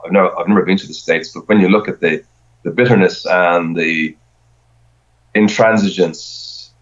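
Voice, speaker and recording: A middle-aged man speaks in a very low register, chatting loosely and circling back over his own words as he goes. The recording sounds dull and lo-fi. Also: steady tone, moderate pace. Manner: rambling, with frequent repeated words and restarts. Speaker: podcast guest. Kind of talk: casual conversation.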